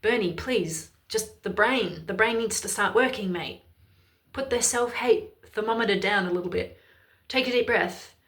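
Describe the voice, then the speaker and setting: An Irish woman delivers ranting political commentary to camera. Her voice sits at a middling pitch, and she sounds heated, emphatic and openly exasperated. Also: normal speed, a bit bright. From Ireland.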